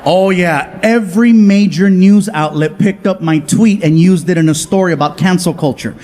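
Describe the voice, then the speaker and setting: A man doing stand-up, telling stories in an animated way and jumping into quick voices for the people in them. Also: high-pitched. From Southern California. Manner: animated, acts out family and friends in quick voice switches. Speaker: stand-up comedian. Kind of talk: stand-up storytelling. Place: comedy stage before a live audience.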